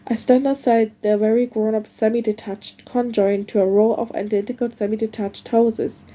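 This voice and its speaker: A woman's voice: on the high side, level tone, moderate pace, mellow. A woman reading a novel aloud in a casual, unpolished way, stumbling and restarting now and then, recorded at home. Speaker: reader.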